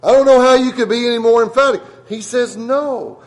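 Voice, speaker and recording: A man's voice: very high-pitched, steady tone, fast, reverberant, low-quality recording. A man preaching a sermon to a congregation in a conversational way, often asking them questions. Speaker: pastor.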